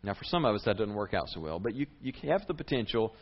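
A man preaching a sermon as a pastor, conversational and lively, with big rises and drops in his voice. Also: quick pace, dull audio. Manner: lively, conversational preaching with sharp swings in pitch and volume.

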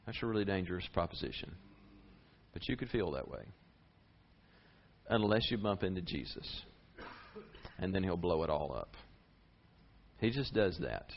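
A man preaching a sermon as a pastor, conversational and lively, with big rises and drops in his voice. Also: normal speed, vocal fry, pauses often, highs cut off, slight background noise. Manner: lively, conversational preaching with sharp swings in pitch and volume.

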